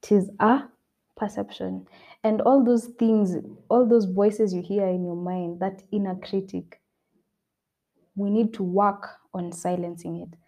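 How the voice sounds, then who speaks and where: A woman's voice: medium pitch, steady tone, measured pace, warm tone. A young woman hosting a self-help podcast, talking earnestly and repeating her points for emphasis. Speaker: podcast host. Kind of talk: motivational self-help talk.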